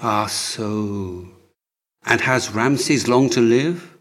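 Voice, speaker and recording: A man reading as a dying young prince, faltering and raised in pitch. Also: very slow, fairly bright tone. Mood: anxious. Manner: pleading, faltering. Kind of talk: audiobook character reading.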